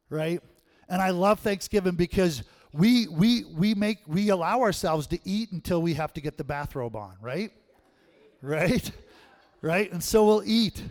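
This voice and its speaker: Lively, animated male preacher. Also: on the high side. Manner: animated storytelling, laughs often. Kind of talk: sermon.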